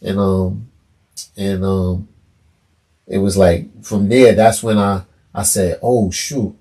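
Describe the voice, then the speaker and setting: Podcast guest, middle-aged New man with a gravelly, mellow low voice, an animated storyteller. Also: slow. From New York. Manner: animated storyteller acting out quoted dialogue. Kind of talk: casual storytelling.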